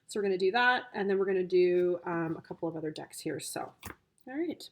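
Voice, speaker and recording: A woman's voice: fairly low pitch, animated, brisk. A woman reading tarot cards for her viewers as a coach, gushing and emotional, easily moved to tears. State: tearful.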